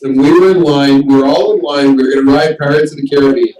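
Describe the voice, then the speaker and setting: A man hosting a casual group chat, telling animated stories and shouting out the lines he quotes. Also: medium pitch, fast. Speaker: host. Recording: distant mic in echoey room.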